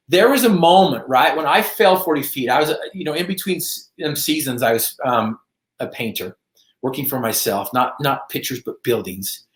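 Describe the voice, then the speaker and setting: A man's voice: on the high side, fairly bright tone, echoey room. A middle-aged man from the United States, telling his own story as a podcast guest, acting out his quotes, with many fillers. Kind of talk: storytelling in an interview.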